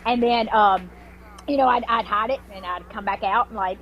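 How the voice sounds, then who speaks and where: Animated woman telling a story. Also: on the high side, moderate pace, dull audio, background noise. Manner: animated, swearing, many restarts and filler words. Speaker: podcast guest. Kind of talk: casual storytelling.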